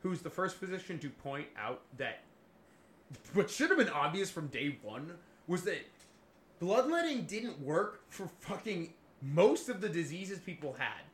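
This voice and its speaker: A man's voice: high-pitched, unhurried, roomy sound. A man hosting a casual podcast, telling a history story with lots of swearing and laughter. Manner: swears freely, laughs often, animated storytelling. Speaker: podcast host presenting a history topic.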